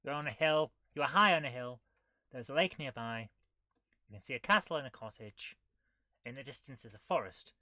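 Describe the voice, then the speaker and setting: A retro gaming host with an extremely low-pitched voice reads game text aloud and cracks wry jokes during a casual playthrough. Her delivery is fairly quick, lively in intonation, pushed and bright, recorded at studio quality with no echo.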